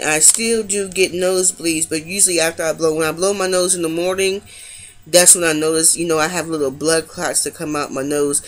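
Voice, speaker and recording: A young woman talking casually to her camera, candid and rambling with frequent restarts. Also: fairly low pitch. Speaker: vlogger sharing pregnancy update.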